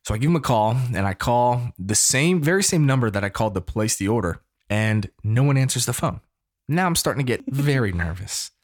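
A man in his thirties from the United States, telling a story casually in an animated, preacher-like way. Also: mid-range voice, a little fast. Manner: animated, preacher-like call-and-response.

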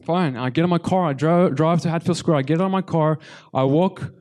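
A tearful man giving a testimony sermon, stumbling and repeating himself as he talks to the congregation. His voice sits a little high for a man, with a mellow, dark tone. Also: a little hiss or hum. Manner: halting, repeats words, addresses congregation. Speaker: preacher.

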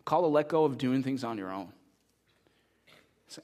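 A man preaching a sermon as pastor, telling a story with lively energy and then making a quiet, earnest appeal to the congregation. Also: medium pitch, normal speed, long pauses.

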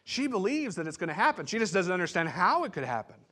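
A man's voice: sits high, sing-song, fast, sharp tone. A man pastor giving a sermon, teaching in a conversational way with asides and restarts.

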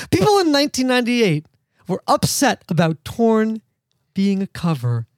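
A man's voice: high-pitched, no echo. A man hosting a podcast in casual chat, sardonic and rambling, laughing often. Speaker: podcast host.

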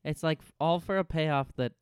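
A man co-hosting a podcast in a casual comedic chat, spinning absurd bits with a deadpan manner. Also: a little high, moderate pace, clean tone, dry recording, clean studio sound. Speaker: podcast co-host.

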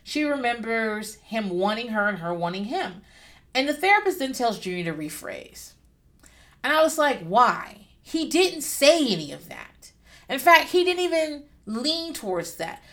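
A woman giving casual reaction commentary on a TV show, candid and profane, with lively asides. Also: a little high, moderate pace. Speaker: vlogger.

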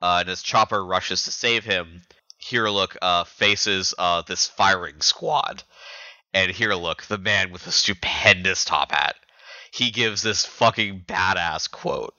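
A man's voice: sits low, slow pace, bright, forceful tone, dry recording, dull audio. A man co-hosting a podcast, casually recapping chapters in a rambling way with lots of fillers and restarts. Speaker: podcast co-host.

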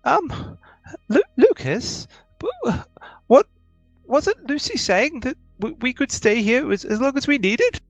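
A man doing a hesitant young woman's high voice. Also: very animated, takes it slowly, no room sound, faint music behind, heavily acted. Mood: uncertain. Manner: hesitant, stumbling over words. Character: young hesitant human woman, unsure and polite.

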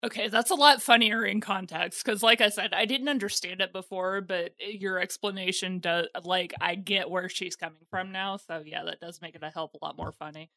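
Casting: an articulate, enthusiastic female co-host with a bright, dry voice. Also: mid-range voice, steady tone, moderate pace, hardly any pauses, dry recording. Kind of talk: casual chat about an anime.

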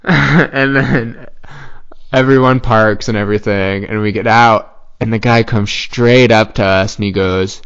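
A man's voice: lowish voice, steady tone, measured pace, fairly bright tone, smooth. A young man telling a rambling story in casual podcast chat, full of filler words and swearing. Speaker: podcast co-host. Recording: dull lo-fi podcast audio.

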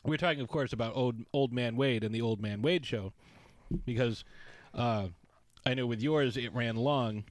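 A man's voice: medium pitch, moderate pace, no room sound. Podcast co-host, male, jokey and rambling, dry close mic. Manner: playful, jokey, rambling asides. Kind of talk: casual podcast banter.

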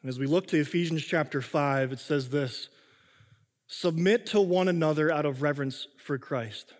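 A man in his thirties preaching to a congregation, switching between reading scripture and talking in a lively, conversational way. His voice sits a little high for a man. A long hall reverb hangs behind every line. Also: moderate pace. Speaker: pastor. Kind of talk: sermon.

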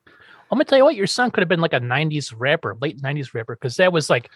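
Animated jokey male podcast host. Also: quick pace, husky, no echo. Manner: animated, jokey, swings up into high exaggerated tones. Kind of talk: casual comedic podcast chat.

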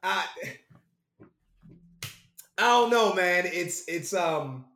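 A man's voice: sits high, lively intonation, very slow, bright, forceful tone. Profane, rambling young man in an echoey room. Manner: profane, rambling, says bro and yo. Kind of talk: casual chat.

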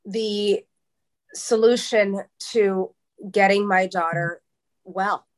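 A woman in her thirties from New York talks openly as an interview guest. She speaks haltingly, with many restarts and repeated words, at a medium pitch for a woman. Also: fairly even intonation. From New York, USA. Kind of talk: candid emotional interview talk.

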